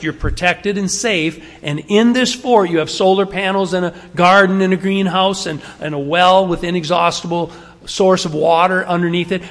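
A male pastor delivers a sermon in a relaxed, conversational manner, pressing hard on key words. His voice sits a touch higher than most men's. The sound carries a long, lingering reverb, as from a church sanctuary. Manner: conversational, emphatic, varying pace and volume.

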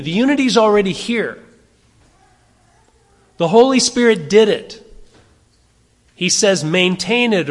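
A man preaching a sermon, emphatic, shifting between strong stresses and quiet asides. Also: fairly high pitch, long reverb tail. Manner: emphatic, varies loudness, drops to quiet asides. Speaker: pastor.

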